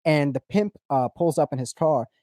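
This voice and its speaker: A man in a casual, profane livestream chat, telling stories with animated put-on quotes. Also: a little high, moderate pace, no room sound, clean studio sound.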